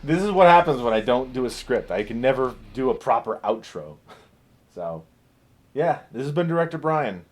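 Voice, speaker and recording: A man's voice: mid-range voice, very animated, moderate pace. A man talking to viewers in an unscripted casual vlog, rambling, self-deprecating, often laughing and swearing. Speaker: video creator.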